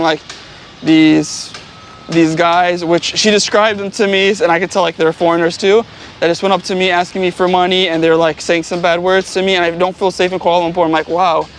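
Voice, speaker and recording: The man's voice sits high with a fairly bright tone as he vlogs on foot down a city street. Telling stories casually, the travel vlogger rambles and packs in fillers such as "like" and "you know." A bit of background noise comes through.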